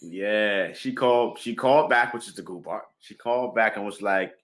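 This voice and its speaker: A man guest in a casual interview, telling a lively story, acting out phone calls and laughing often. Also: fairly low pitch, moderate pace, hardly any pauses. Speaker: music producer and drummer guest.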